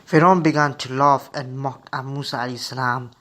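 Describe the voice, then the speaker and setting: A male radio host tells a story to children in a steady, read-aloud manner. His voice sits at a mid pitch, plain and even. He stumbles now and then over a word but keeps going. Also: brisk. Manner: steady reading aloud with slips.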